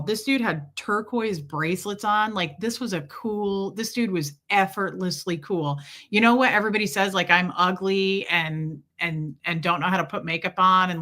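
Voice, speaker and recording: A woman's voice: fairly low pitch, pushed and bright. A woman hosting a casual livestream from home, telling a rambling story and greeting viewers. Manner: rambling, chatty storytelling with asides to viewers and pets. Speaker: livestream host.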